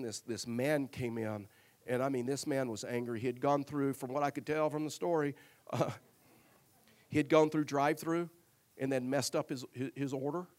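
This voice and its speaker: A male pastor preaching a sermon, telling a personal story earnestly and with humor, often repeating words as he goes. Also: mid-range voice.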